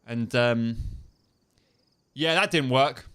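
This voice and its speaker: A man's voice: medium pitch, slow pace, a bit bright, smooth. A young man streaming a game, chatting casually, swearing freely and laughing often. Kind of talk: casual gaming stream chat.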